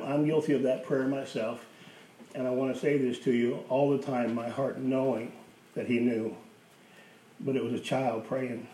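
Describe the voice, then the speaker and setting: A man's voice: mid-range voice, warm tone. Emphatic male pastor, roomy and distant. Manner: emphatic, repeats key phrases for effect. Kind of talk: sermon. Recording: roomy, distant mic with faint hiss.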